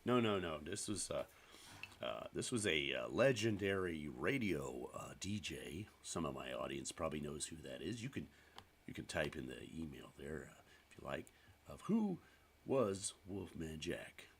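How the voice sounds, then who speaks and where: A man's voice: extremely low pitch, sing-song, a little slow, creaky, a little hiss or hum. A man hosting a live stream, chatting casually with viewers in a rambling, self-deprecating way. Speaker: livestream host.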